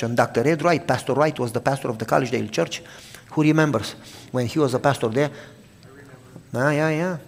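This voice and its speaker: A preacher from Romania with a Romanian accent, giving a sermon with personal testimony, dramatic, shifting from loud outbursts to hushed telling. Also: male voice, a little high, in a large hall.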